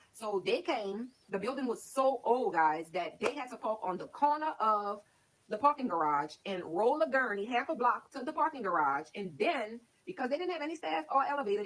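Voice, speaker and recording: A woman's voice: medium pitch, a bit bright, poor audio. A woman casually telling her own life story to her stream viewers, candid and rambling, with lots of "like". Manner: candid, rambling, heavy use of "like". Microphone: streaming setup.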